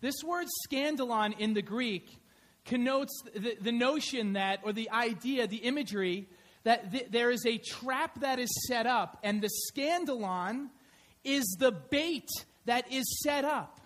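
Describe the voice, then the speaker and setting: A man preaching a conversational sermon in church, telling stories in an animated way. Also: very high voice, unhurried. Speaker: pastor. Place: church sanctuary.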